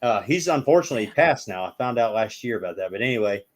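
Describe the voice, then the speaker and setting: A man's voice: on the low side, lively intonation, quick pace. A man telling long stories as a guest in a casual chat, rambling and acting out the people in them.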